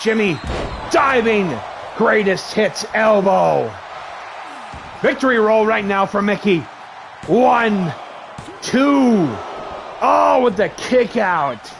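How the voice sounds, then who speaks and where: A man's voice: high-pitched, expressive, takes it slowly, gravelly, pauses often, a bit bright, slight background noise. A man calling a wrestling match play-by-play, firing off moves in short bursts and thanking his stream's viewers between spots. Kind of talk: excitable play-by-play commentary.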